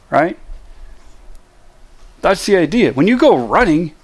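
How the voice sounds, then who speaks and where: A man's voice: fairly high pitch, sing-song, a little slow, long pauses, slightly rough. A middle-aged man giving a casual, emphatic motivational monologue, full of rhetorical questions. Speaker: motivational speaker.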